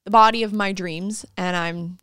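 Bubbly laughing woman, smooth clear voice. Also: mid-range voice, steady tone, normal speed, a bit bright, no echo, clean studio sound. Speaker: podcast guest, fitness coach. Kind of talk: casual interview chat.

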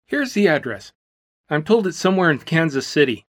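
A man's voice: fairly high pitch, very animated, a little fast. A weary businessman , voiced by a male audiobook narrator, in a slightly raised voice. He answers in short, dry, clipped lines, guarded and matter-of-fact. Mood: terse, tired. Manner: terse, dry, clipped replies. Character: tired young adult male computer worker, terse. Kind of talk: audiobook character voice.

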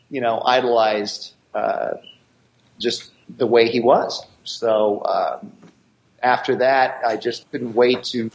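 A man's voice: medium pitch, dull audio. An American man, a martial arts actor and guest, telling long rambling stories with many restarts. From United States. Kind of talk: storytelling interview chat.

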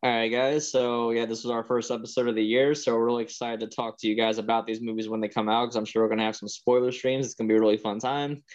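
A man's voice: medium pitch, little pitch movement, fast, few pauses, a little mellow. Man, casual podcast chat, rambling easygoing talk, muffled lo-fi mic. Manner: rambling, laid-back, swears. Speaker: podcast co-host. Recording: slightly dull lo-fi sound.

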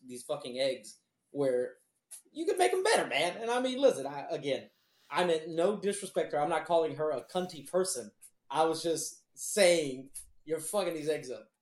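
A man in casual, crude podcast chat, telling stories with lots of swearing, laughter and acted-out voices. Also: a little high. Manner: profane, animated storytelling with laughs and impressions. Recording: roomy echo.

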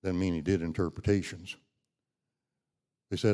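A man's voice: lowish voice, normal speed, pauses often, mellow. A middle-aged man preaching a sermon, folksy and conversational, rising to emphatic when he reads scripture. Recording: long hall reverb.

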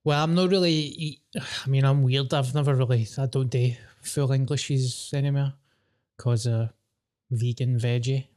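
A man's voice: medium pitch, steady tone, unhurried, darkish tone. A Scottish man chatting on a podcast, sweary and self-mocking. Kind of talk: casual chat.

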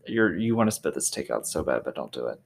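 A man's voice: a bass voice, sing-song, fast talker, gravelly. Young man in crude casual banter. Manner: offhand, crude joking banter. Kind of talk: casual chat.

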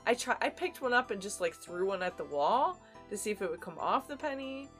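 A woman's voice: medium pitch, expressive, fairly quick, fairly bright tone, faint music behind. Giggly, chatty woman podcast host. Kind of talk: casual chat.

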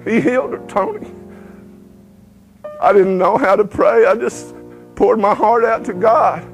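A man's voice: sits high, normal speed, faint music behind, low-quality recording. A man giving a folksy testimony sermon, breaking now and then into lines of a hymn. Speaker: preacher giving his testimony.

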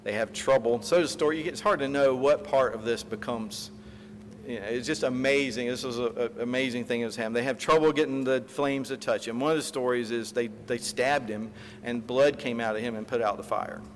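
A pastor delivering a sermon, telling a story with animated retellings and acted-out quotes, then closing in prayer. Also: male voice, medium pitch. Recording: reverberant hall, faint room noise.

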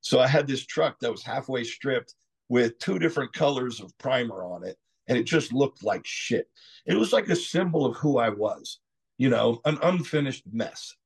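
A middle-aged man from Texas, a podcast guest telling his story candidly, rambling and clearing his throat often. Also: mid-range voice, expressive, moderate pace. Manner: frequent "you know" asides.

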